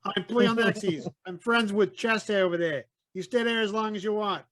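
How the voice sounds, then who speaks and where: A man's voice: high voice, moderate pace, fairly bright tone, voice pushed up. A man playing a brash male student who protects a newcomer in a tabletop game, speaking with tough, casual bravado. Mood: reassuring.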